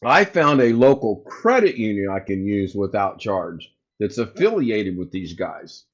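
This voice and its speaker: Speaking in a lowish, sing-song voice with no hurry, this US livestream host tells a casual story to his chat from home, acting out both ends of a phone call. The audio is a bit dull, with a lo-fi quality.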